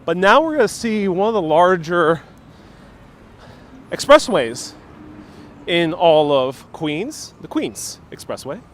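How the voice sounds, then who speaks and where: A man with a somewhat raised pitch hosts a live walking tour and banters with his chat in a playful, joking way. He talks into a clip-on mic outdoors, with faint city traffic and trains in the background. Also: big pitch swings, takes it slowly, pauses often, a bit bright. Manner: playful, jokey, reads out chat comments. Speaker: livestream walking tour host. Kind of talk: live street walking vlog, chatting with viewers. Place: outdoors on city streets, then inside a small discount store. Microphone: wireless clip-on mic, phone on gimbal.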